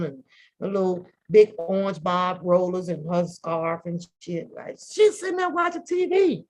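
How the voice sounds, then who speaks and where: A middle-aged woman, hosting a live talk stream and telling a loud, profane, animated story with lots of laughter. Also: lowish voice. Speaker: host of a live panel talk show.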